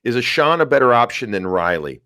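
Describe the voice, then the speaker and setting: A man's voice: medium pitch, big pitch swings, fairly quick, bright, forceful tone, dry recording, studio quality. A man hosting a sports podcast, chatting casually and reading out listener questions. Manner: conversational, reads questions aloud. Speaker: podcast host.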